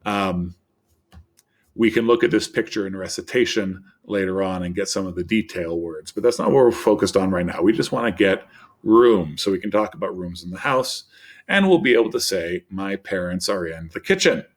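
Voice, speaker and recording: Low-voiced man teaching vocabulary. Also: expressive. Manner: upbeat, explanatory, reads word lists slowly. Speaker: Spanish teacher. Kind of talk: recorded vocabulary lesson.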